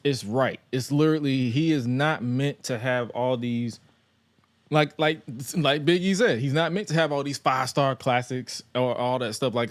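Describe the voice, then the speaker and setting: Aave-speaking guy co-hosting, rambles, says like a lot, mid voice. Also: mid-range voice. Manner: rambling with many "like" restarts, acts out wrestler voices. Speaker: podcast co-host. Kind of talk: casual chat.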